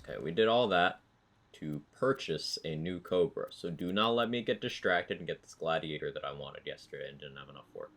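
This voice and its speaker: A man streaming a game live, chatting casually with viewers and musing aloud between pauses. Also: extremely low pitch, a bit bright. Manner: laid-back, musing aloud, answering chat between pauses.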